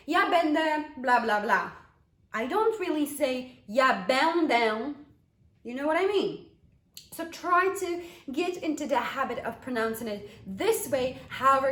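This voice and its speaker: A woman, a Polish native speaker, teaching a language lesson with slow, repeated model pronunciations. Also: high-pitched, a bit bright, echoey room.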